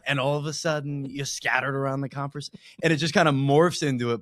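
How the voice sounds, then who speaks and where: A man talking as a guest on a podcast interview in a casual, animated way, with frequent restarts and slang. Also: mid-range voice, a little fast, hardly any pauses, dry recording, studio quality.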